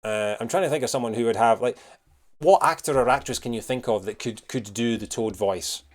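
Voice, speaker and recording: A man's voice: medium pitch, brisk. Rambling male streamer reading chat. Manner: rambling, reads chat, many fillers and restarts. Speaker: streamer reacting to news. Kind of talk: casual live-stream chat.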